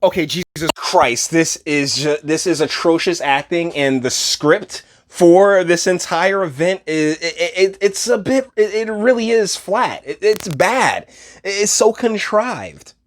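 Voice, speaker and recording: A man's voice: high-pitched, expressive, measured pace. Rambling, slangy man riffing on a clip. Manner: rambling, slangy, laughing asides. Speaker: video commentator. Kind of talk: casual reaction commentary.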